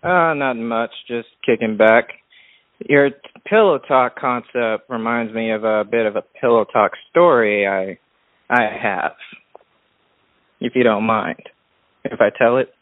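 A male caller tells a long, rambling story in a relaxed way. His voice is mid-pitched and dry. It comes through a narrow, phone-like line. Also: unhurried, no room sound. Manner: rambling, relaxed, full of restarts. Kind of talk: casual storytelling on a call-in show.

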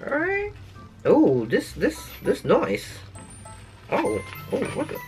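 A man's voice: fairly high pitch, huge pitch swings, slow pace, soft background music. A YouTube host, a man, reading fan letters aloud and adding jokey asides between them.

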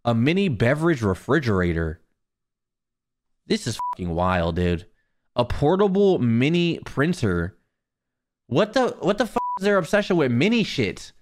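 A man streaming live, chatting casually with viewers and ranting in a profane, animated way. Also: mid-range voice, measured pace, slight background noise.

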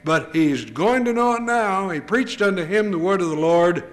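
A man's voice: sits high, expressive, moderate pace. An older male preacher delivering an earnest, emphatic sermon full of rhetorical questions. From United States.

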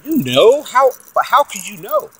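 A man ranting profanely and aggressively about God and church, swinging from loud outbursts to low muttering. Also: wildly swooping pitch, moderate pace, husky. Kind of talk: profane religious rant to camera.

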